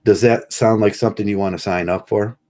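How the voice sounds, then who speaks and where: A man with a deep, low-pitched voice talks in a loose, rambling monologue. His tone is mocking and sarcastic, and he chuckles at his own points as he trips over restarts. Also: fairly even intonation, fairly quick, a little mellow, slight background noise. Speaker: vlogger. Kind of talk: casual monologue rant.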